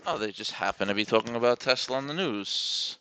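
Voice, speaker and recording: A man's voice: mid-range voice, a little fast, a bit bright, clear, resonant tone, no room sound. A man giving live commentary on his stock trades, thinking aloud and correcting himself as he places orders. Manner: self-correcting, muttering to himself over trade entries.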